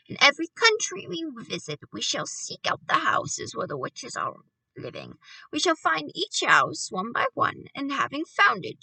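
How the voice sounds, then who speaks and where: A woman reading aloud voices a bold, fierce old grandmother who speaks in loud, emphatic exclamations. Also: high voice, vocal fry, no room sound, distant mic, voice pushed up, exaggerated voice, poor audio.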